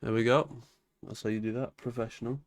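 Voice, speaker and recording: A man's voice: medium pitch, steady tone, dry recording. A man streaming a casual reaction to a video, chatting and swearing between clips. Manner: chatty, swears, quick interjections.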